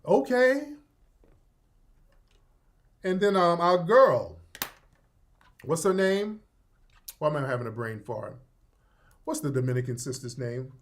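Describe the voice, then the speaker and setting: A man hosts his own talk show with blunt, profane commentary. His delivery is casual and mocking, often slowing down for emphasis. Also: a little high, animated. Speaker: show host.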